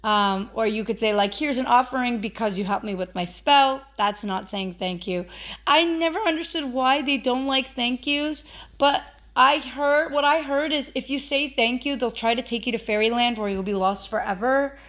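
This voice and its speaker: A woman's voice: a little high, normal speed, fairly bright tone. Chatty woman hosting a vlog. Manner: chatty, with frequent fillers and emphatic repetition. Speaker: witchcraft video host. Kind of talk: casual instructional vlog.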